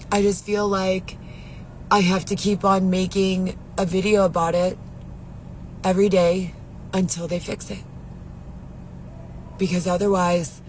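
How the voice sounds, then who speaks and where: A woman's voice: medium pitch, slight background noise, poor audio. Woman venting in a rambling, profane livestream. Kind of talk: rambling live video monologue. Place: Chicago.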